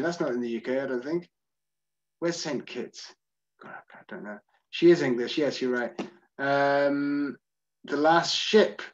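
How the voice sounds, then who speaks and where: A man's voice: medium pitch, lo-fi sound. A man from Scotland hosting an online music tour, chatting loosely as he reads out and answers viewer comments. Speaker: host. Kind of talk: answering live chat questions.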